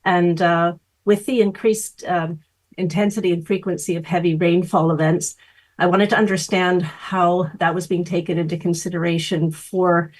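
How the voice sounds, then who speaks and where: A woman speaking as a public commenter at a council meeting, with many pauses and fillers. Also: lowish voice, steady tone.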